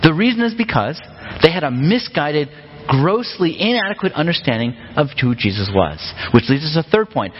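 A pastor preaching a sermon in a relaxed, conversational way, often asking the congregation rhetorical questions. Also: male voice, high-pitched. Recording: long hall reverb, dull lo-fi sound.

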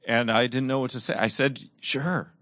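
A man's voice: mid-range voice, little pitch movement, a little fast, no room sound. Earnest preaching man, dry sound. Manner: earnest, swings from bright emphasis to soft, quiet reflection. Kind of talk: sermon with personal storytelling.

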